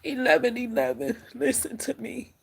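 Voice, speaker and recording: Husky, gravelly woman giving a spiritual reading. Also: a little high, animated, normal speed. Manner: rambling, emphatic, addresses viewers as y'all and baby. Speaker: spiritual reader on a live stream. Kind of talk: live spiritual reading, casual and preachy.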